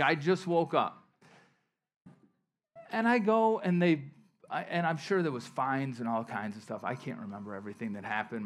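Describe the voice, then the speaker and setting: A man preaching a sermon, telling a personal story in a casual, conversational way, dropping to soft asides and rising to emphatic bursts. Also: medium pitch. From western New York. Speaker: pastor.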